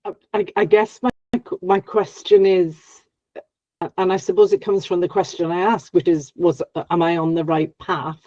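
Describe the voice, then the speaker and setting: A woman's voice: lowish voice, fairly even intonation, moderate pace, warm tone, no room sound. A woman client asking a spiritual coach questions, hesitant and stammering over her words. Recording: dull, dry video-call audio.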